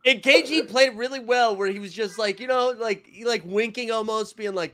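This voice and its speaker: Animated man telling funny sports stories. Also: sits high, moderate pace, few pauses. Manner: animated storyteller, laughing through anecdotes. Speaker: podcast co-host. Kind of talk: casual sports chat.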